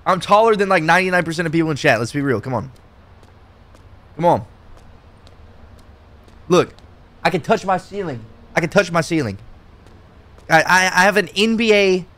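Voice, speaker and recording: A man's voice: sits high, animated, normal speed, pauses often, fairly bright tone. Boastful, breathless male streamer. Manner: boastful and joking, talking straight to chat; jumping around while talking, breathless at times. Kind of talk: casual live-stream game commentary.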